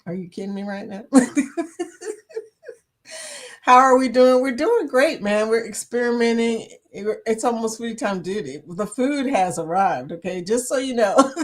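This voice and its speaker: A woman's voice: on the high side, animated, measured pace, long pauses. A woman with a Southern US accent hosting a casual livestream, chatty, laughing often and greeting viewers by name. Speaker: livestream host.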